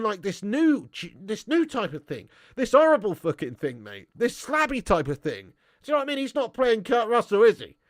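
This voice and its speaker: A man's voice: high voice, no echo, studio quality. A man hosting a live stream, reading viewer comments and ranting bluntly with lots of swearing. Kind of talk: casual live-stream chat.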